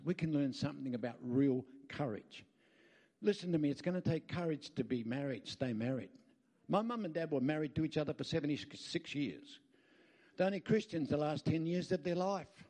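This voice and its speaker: Lively Australian preacher, fairly high voice. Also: male voice. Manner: lively storytelling with jokes and asides. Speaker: pastor. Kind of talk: sermon.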